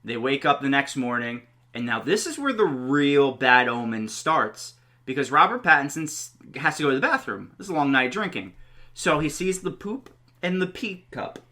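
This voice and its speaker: A man's voice: mid-range voice, very animated, moderate pace, bright, forceful tone. A man co-hosting a podcast, recapping a horror film's plot in a plain, casual way. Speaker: podcast co-host. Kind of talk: casual film review chat.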